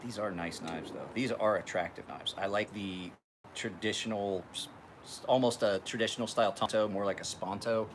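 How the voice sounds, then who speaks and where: A man telling rambling, profane stories while sharpening knives on a live stream. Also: a bit bright. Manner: profane, rambling anecdotes, acts out other voices in high tones. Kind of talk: casual livestream storytelling. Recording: faint background noise.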